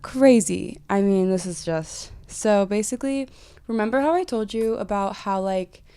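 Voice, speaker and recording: Sick, raspy-voiced young woman chatting. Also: mid-range voice, normal speed, warm tone, no room sound. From California. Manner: chatty storytelling, lots of "like". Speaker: podcast host. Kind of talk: casual chat.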